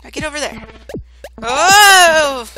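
A woman commenting on a video game as she plays, excitable, yelping and shouting and swearing playfully along the way. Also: medium pitch, moderate pace. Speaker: gaming video host. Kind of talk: let's-play commentary. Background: game music.

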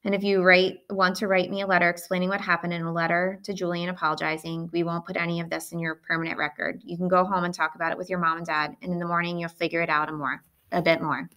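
A woman's voice: on the low side, little pitch movement, fast, hardly any pauses, a bit bright, natural voice. A woman doing a kindly school principal. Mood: reassuring. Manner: earnest, reassuring. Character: kindly middle-aged male school principal, patient.

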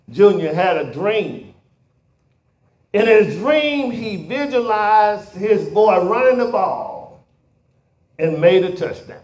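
Man, pastor, sermon, high voice, shouted emphatic peaks, echoey church hall. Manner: builds to shouted emphatic climaxes. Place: church sanctuary. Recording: roomy church hall echo.

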